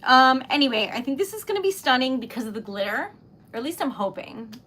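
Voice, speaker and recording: A young woman hosting a relaxed livestream, chatting casually with viewers as she crafts, rambling and giggling often. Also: high-pitched, fast talker, a little hiss or hum. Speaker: livestream host. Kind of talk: casual chat while crafting.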